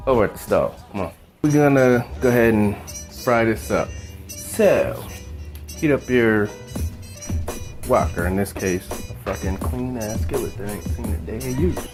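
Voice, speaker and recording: With music playing behind him, a cooking show host with a lowish voice speaks a little slowly, leaving long pauses. Cooking at the stove in a casual home demo, he swears freely and rambles laid-back into a joke.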